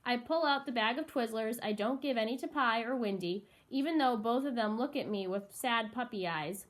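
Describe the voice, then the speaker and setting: A woman reading a first-person novel aloud in a measured, wry storytelling voice. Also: on the high side. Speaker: audiobook narrator. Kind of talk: first-person audiobook narration.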